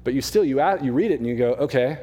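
A young man preaching as a mission pastor, his mid-pitched voice talking through scripture in an easy, animated way. The sound rings with the long reverb of a church hall. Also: racing, slightly rough. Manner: conversational, animated preaching with asides. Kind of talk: sermon. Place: church sanctuary.

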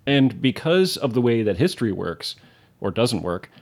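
A man's voice: medium pitch, sing-song, moderate pace, creaky. A man co-hosting a podcast in casual conversation, summing up points with a wry tone. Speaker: podcast co-host.

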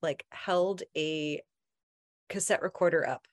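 A woman's voice: low-pitched, slow pace, no echo. A woman co-hosting a casual chat, telling personal memories in a giggly, self-deprecating way.

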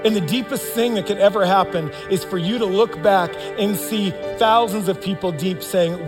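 A high-voiced male pastor delivers an earnest, emphatic sermon, now and then breaking into loud bursts. His voice rings out with the long reverb of a church hall. Faint music sits underneath. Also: moderate pace, hardly any pauses. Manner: earnest, emphatic preaching with sudden loud acted outbursts. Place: church sanctuary.

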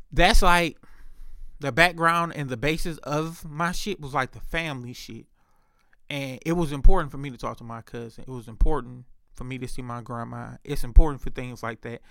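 A man's voice: medium pitch, vocal fry, pushed and bright, no room sound, studio quality. Man in a candid, profane monologue. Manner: candid, profane storytelling with many fillers. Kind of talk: casual monologue.

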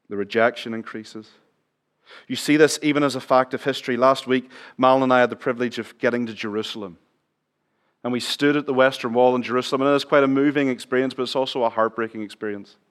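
A middle-aged man preaching a sermon in church, chatting with the congregation, asking them questions and dropping his voice low for emphasis. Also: fairly even intonation, brisk. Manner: conversational, asks the congregation questions, drops to near whisper for emphasis. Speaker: pastor.

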